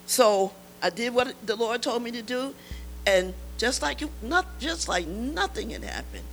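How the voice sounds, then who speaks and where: A woman's voice: fairly high pitch, expressive, unhurried, faint music behind, poor audio. An older woman giving an emotional church testimony, emphatic and repeating key lines to urge her listeners.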